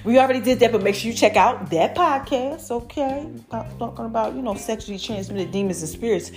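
Over soft background music, a woman hosts her own podcast as its host and a brand owner, giving her followers an animated, effusive, casual update and calling them "y'all" and "baby." Her voice is a little high and fairly quick.

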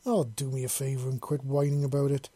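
Guy reading an impatient woman soldier, scolding, husky, dry. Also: medium pitch, little pitch movement, fairly quick, warm tone, dry recording, lightly acted.

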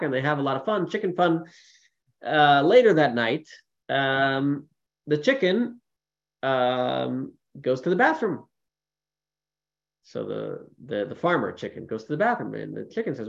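A man, a rabbi teaching a class in a casual, storytelling way, lively when quoting people, with many fillers. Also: medium pitch, normal speed, creaky, muffled recording. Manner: storytelling with animated quoted voices, many fillers. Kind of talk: informal Torah class talk.

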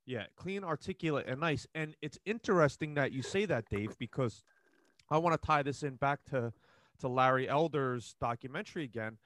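A man hosting a casual podcast, rambling and animated with many restarts. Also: mid-range voice, normal speed, no room sound. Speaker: podcast host.

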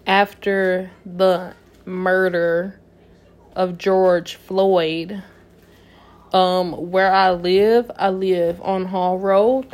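Young adult woman, casual monologue to camera; emphatic, shifts from quiet reflection to loud conviction. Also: mid-range voice. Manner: emphatic, swings from soft musing to loud passionate outbursts.

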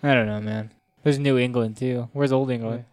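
A man's voice: mid-range voice, fairly even intonation, moderate pace, a little mellow, clean tone, no echo. A man hosting a podcast, talking in laid-back casual chat full of swearing. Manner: laid-back, profane banter. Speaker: podcast host.

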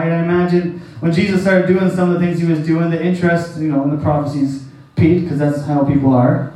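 A man with a fairly high voice gives a relaxed, folksy sermon, often chuckling and slipping into the voices of the people in his story. He sounds a bit far from the mic, and his voice rings around a very echoey room. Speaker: preacher. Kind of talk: conversational sermon.

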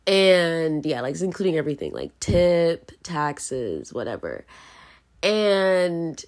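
A woman's voice: deep voice, very animated, slow pace. A young woman, hosting a podcast from her bedroom in a casual, rambling way, full of fillers and self-mocking laughter. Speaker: podcast host. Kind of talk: casual confessional monologue. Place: bedroom, at home.

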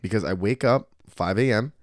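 A man's voice: lowish voice, normal speed, dry recording, clean studio sound. A man hosting a podcast, talking casually in a blunt, profane, emphatic way. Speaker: podcast host and martial arts school owner.

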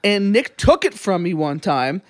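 A man co-hosting a casual podcast, telling stories in an animated way and swearing freely. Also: high-pitched, a little slow, no room sound, clean studio sound. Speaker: podcast co-host.

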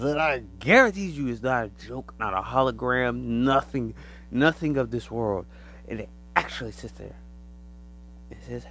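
Man, podcast host, casual slangy monologue, lively pitch, faint mains hum. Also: moderate pace, low-quality recording. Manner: animated, loose storytelling with slang.

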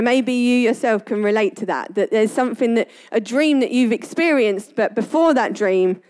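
A woman's voice: mid-range voice, darkish tone. A woman giving a casual devotional talk, telling family stories in a chatty way and often laughing. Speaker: Christian speaker.

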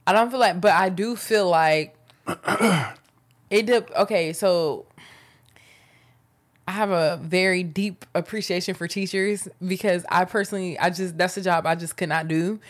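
A woman's voice: lowish voice, unhurried. A young adult woman co-hosting a casual chat, candid and conversational. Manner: candid, conversational, laughs often. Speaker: co-host.

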